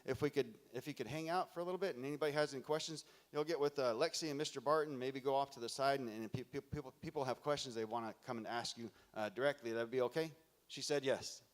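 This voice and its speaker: A man emceeing a conference, calling for applause and reading out raffle numbers slowly to a large hall. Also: mid-range voice. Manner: loud, hearty, calls out raffle numbers slowly.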